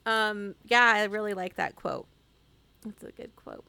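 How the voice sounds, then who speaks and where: Chatty woman with a gravelly edge. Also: medium pitch, fairly even intonation, measured pace, sharp tone, dry recording. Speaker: podcast co-host. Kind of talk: casual film discussion.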